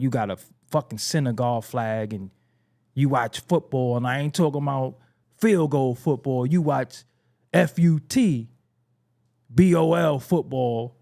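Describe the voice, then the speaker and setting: A man's voice: mid-range voice, gravelly, darkish tone. A young American man hosting hip-hop commentary, ranting casually with profanity, restarts and laughs. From United States. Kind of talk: casual rant to camera.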